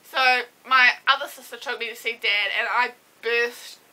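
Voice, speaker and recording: A young woman telling a story to camera in a casual vlog, emotional and halting as she holds back tears. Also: on the high side, fairly even intonation, bright, forceful tone, rough recording. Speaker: vlogger. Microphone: camera mic, seated.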